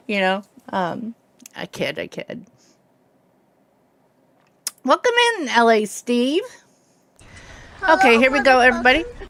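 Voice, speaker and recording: Streaming a game, this hard-of-hearing woman in her fifties chats and rambles with her viewers, saying hello to them by name in a slight Southern American accent. She talks at a measured pace with frequent pauses, her fairly high, fairly bright voice full of lively intonation, and the recording has no room sound.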